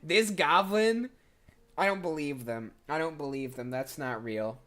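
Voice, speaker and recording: A man's voice: medium pitch, moderate pace. A man streaming his voice acting work and chatting casually with viewers, self-deprecating. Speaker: voice actor streamer. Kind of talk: casual livestream chat.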